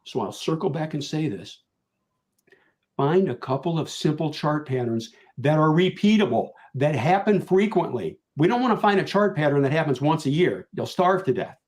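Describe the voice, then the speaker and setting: Earnest older man, a touch high. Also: animated, moderate pace, a little mellow. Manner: earnest, repeats key points for emphasis. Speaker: panelist. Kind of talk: virtual conference panel talk. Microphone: video call.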